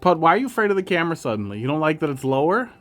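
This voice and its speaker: This man's pitch runs on the high side with big swings, his tone fairly bright and his pace racing. He has a slight Wisconsin accent and chats casually with stream viewers while cooing to his cats in a sing-song way, faint music behind him.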